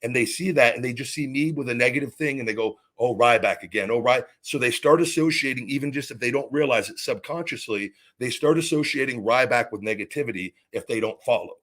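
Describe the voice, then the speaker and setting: A man's voice: mid-range voice, fast talker, hardly any pauses, fairly bright tone. A man hosting his own podcast, ranting angrily and profanely with frequent restarts and repeated words. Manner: angry, profane, repetitive restarts. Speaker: podcast host. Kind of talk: ranting monologue.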